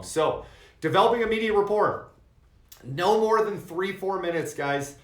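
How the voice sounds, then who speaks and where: This insurance sales trainer has a high, expressive, fairly bright voice and keeps a measured pace. Coaching a group of agents, he presses his key points again and again and calls them "guys," with the room audibly echoing around him.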